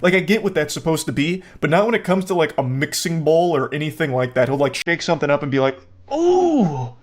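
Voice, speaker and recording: Sarcastic, laughing man with a higher voice. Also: fast. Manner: sarcastic and incredulous, laughing often. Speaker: commentator. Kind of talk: comedic reaction commentary.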